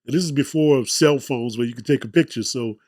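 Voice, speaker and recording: A man's voice: medium pitch, a little fast, a little mellow, no room sound, clean studio sound. A man hosting a podcast interview, chatting and telling his own story with self-deprecating humor. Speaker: podcast host. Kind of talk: casual interview chat.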